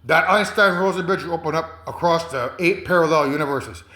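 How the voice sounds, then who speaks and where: A man's voice: fairly high pitch, a little fast, bright, forceful tone. A man talking in a rambling monologue, hesitant, with many fillers, repeats and chuckles. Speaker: commentator. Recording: roomy echo.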